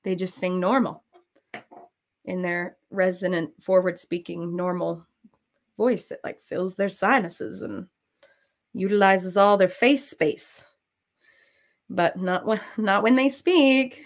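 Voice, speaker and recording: A cross-stitch designer and streamer chats casually while stitching, easily rambling onto side topics. Her mid-range voice is a little slow, with long pauses.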